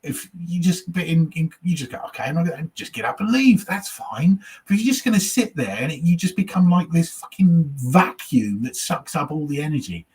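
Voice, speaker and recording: A slightly husky man with a higher-than-usual voice tells rambling stand-up stories in easy chat. He swears casually and slips into the voices of people from his audiences. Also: sing-song, moderate pace, hardly any pauses, a little mellow. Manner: chatty storyteller, swears, acts out audience voices. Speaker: comedian guest. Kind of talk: casual chat, telling anecdotes.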